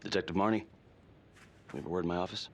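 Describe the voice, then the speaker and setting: A man's voice: sits low, steady tone, fast talker, slight background noise, natural voice. An actor playing a stern but fatherly police captain in a video game.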